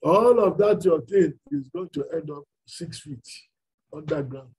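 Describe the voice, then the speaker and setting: Nigerian man preaching, raspy voice, high pitch, emphatic, rhetorical questions. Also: a little slow, darkish tone, poor audio. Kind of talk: sermon.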